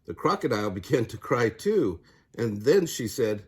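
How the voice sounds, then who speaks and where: An older man reads a children's picture book aloud as a grandfather, gentle and storytelling. His voice is husky, sitting in an ordinary middle pitch. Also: very animated, moderate pace. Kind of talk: children's read-aloud narration.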